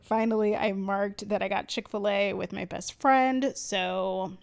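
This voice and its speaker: A woman's voice: medium pitch, steady tone, a little slow, vocal fry, clear, resonant tone. A woman from Connecticut narrating a planner vlog as a casual voiceover, rambling and chatty, laughing often. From Connecticut, USA. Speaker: planner vlogger. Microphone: voiceover mic.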